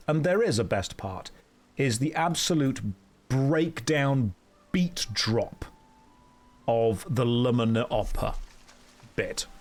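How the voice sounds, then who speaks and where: A man streaming a video game, chatting casually with dry, deadpan jokes. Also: mid-range voice.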